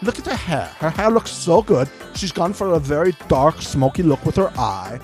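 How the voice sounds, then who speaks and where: A man's voice: fairly high pitch, very animated, quick pace, soft background music. A man putting on a fake European accent to play a pompous, chain-smoking male fashion reporter. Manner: fake European accent, drawling, self-important.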